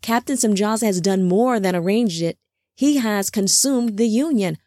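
A woman's voice: medium pitch, moderate pace, warm tone, dry recording, studio quality, close to an everyday voice. A woman voicing an impatient, headstrong male angel scout who speaks insistently, in a storybook reading.

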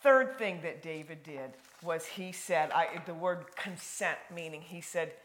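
A woman preaching a sermon in a folksy, conversational way, swinging from loud emphasis to hushed, near-whispered lines. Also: deep voice, measured pace, few pauses.

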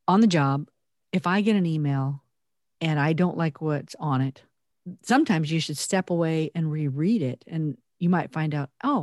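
A woman co-hosting a podcast, talking earnestly and reflectively with animated emphasis. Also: sits low, no room sound, clean studio sound. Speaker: podcast co-host. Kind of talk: conversational podcast talk.

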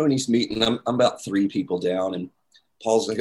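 A man telling a story in casual chat, animated, acting out the voices of the people in it. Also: lowish voice, fast. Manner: animated, acts out quoted voices, many "like"s.

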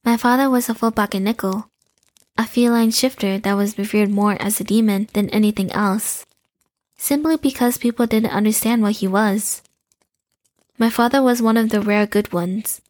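A woman voicing a young female shapeshifter in an audio drama, speaking in a calm, courteous and measured way. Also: mid-range voice, no echo, close to an everyday voice.

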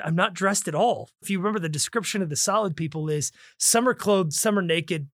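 Male podcast co-host, a bit higher pitch, dry recording, conversational with read-aloud emphasis. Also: no room sound. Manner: reads quoted passages with stressed words, lively. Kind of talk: casual book discussion with read-aloud passages.

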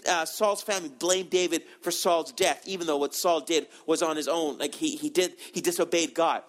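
A man preaching a sermon, animated and conversational, acting out the people in the story and often repeating words as he goes. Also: sits high, normal speed, few pauses. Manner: animated, acts out quoted voices, repeats words.

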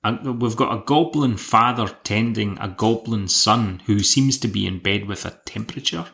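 A man's voice: on the low side, moderate pace, gravelly, fairly bright tone. A man hosting a podcast, recapping an episode in a dry, wry, casual way. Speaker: podcast host.

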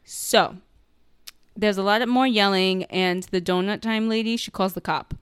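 A woman's voice: mid-range voice, normal speed, clean tone, dry recording, clean studio sound. A woman in casual chat, recapping a show with lots of swearing and acted-out quotes. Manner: animated, profane, acts out characters' lines. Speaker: podcast co-host recapping a show.

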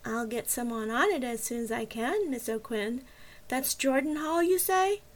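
A woman voicing a bored, nasal female dispatcher on the phone, talking slowly and flatly. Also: fairly high pitch. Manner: bored, flat and slow.

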